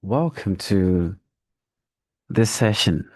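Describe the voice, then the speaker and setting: A man teaching a reading lesson for young children, explaining slowly and demonstrating intonation as he reads aloud. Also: low-pitched, lively intonation, darkish tone, husky, dry recording, studio quality.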